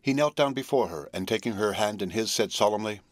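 Low-voiced man reading a solemn audiobook. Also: a little fast, few pauses, no room sound, studio quality. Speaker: audiobook narrator. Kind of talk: scripted narration.

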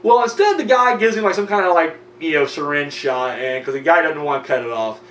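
A man's voice: a little high, expressive, fairly quick, fairly bright tone, recorded from a distance. Male horror reviewer, casual rambling recap, profane and filler-heavy; roomy sound with a faint hum behind him. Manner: loose and profane, heavy on fillers like "you know" and "like".

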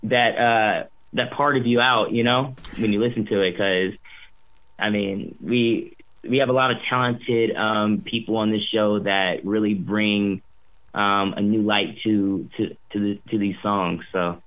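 A man's voice: lowish voice, fairly even intonation, measured pace, a bit bright, rough recording. A young man, a voice actor, chatting upbeat in an interview, rambling with lots of fillers and restarts. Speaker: voice actor guest. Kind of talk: casual interview chat.

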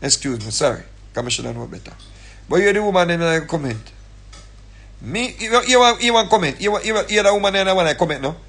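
Jamaican male streamer, husky and fairly high, angry repetitive rant. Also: animated, fast, a bit bright. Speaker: live streamer. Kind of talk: ranting commentary.

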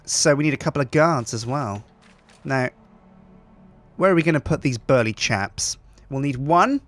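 A man's voice: medium pitch, animated, normal speed, a bit bright, soft background music. A man hosting game commentary, chatty and upbeat, thinking aloud as he plays. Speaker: host.

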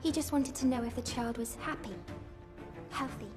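An actress playing a soft-spoken RP brothel worker. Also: female voice, sits high, fairly even intonation, normal speed, over music, close to an everyday voice. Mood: earnest. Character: young brothel worker, earnest.

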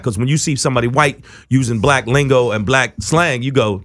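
A man co-hosts a casual podcast chat at an everyday mid pitch. He talks bluntly, swears freely, and leans on slang. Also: fairly quick, hardly any pauses, a bit bright. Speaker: podcast co-host.

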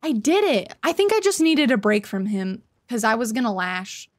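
A woman streaming a video game live, excitable and cursing freely, shouting in triumph and chatting to her viewers, a little out of breath. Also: a little high, moderate pace, dry recording, clean studio sound. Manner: excitable, swears a lot, shouts and squeals in wins. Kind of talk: live gameplay commentary.

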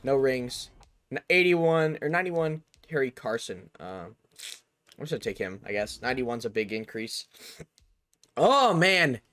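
A young man narrating a video game pack opening, excited and chatty, calling out each card and shouting over big pulls. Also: a little high, no room sound. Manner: hyped, shouts over big pulls, says "bro" a lot. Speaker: gaming YouTuber.

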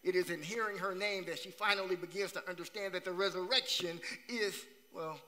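A male pastor with a high, very bright, ringing voice delivers a sermon. He circles back to phrases for emphasis and calls out questions to the congregation. His voice trails off into a long church reverb. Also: steady tone, a little fast. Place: church sanctuary.

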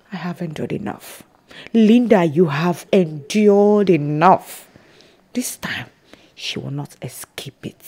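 A woman's voice: lowish voice, darkish tone. An actress with a Nigerian accent playing a jealous woman brooding over revenge in a resentful monologue. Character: bitter jealous rival woman plotting revenge.

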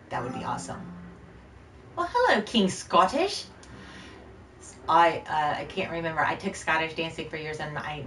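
A woman's voice: low voice, sharp tone, roomy sound, recorded from a distance, slight background noise. A woman streaming a game live, chatting loosely with viewers in a scattered, rambling way, short on sleep. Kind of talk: casual live-stream chat while gaming.

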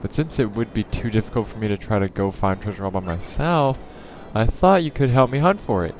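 A man's voice: on the low side, lively intonation, a little fast, a little hiss or hum. A man voicing a gracious princess, reading her letter aloud in a polite tone.

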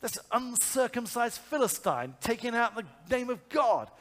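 A man preaching a sermon, telling a story in a lively, conversational way full of asides and rhetorical questions. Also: extremely high pitch, moderate pace. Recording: long hall reverb.

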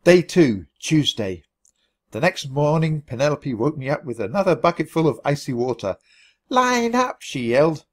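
A man reading a children's storybook aloud for learners, in an expressive, animated way. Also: fairly high pitch, normal speed. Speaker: storybook reader.

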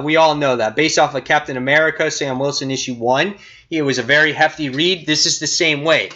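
A man's voice: fairly high pitch, sharp tone, muffled recording. A man casually reviewing comic books, retelling scenes with quoted lines and lots of fillers.

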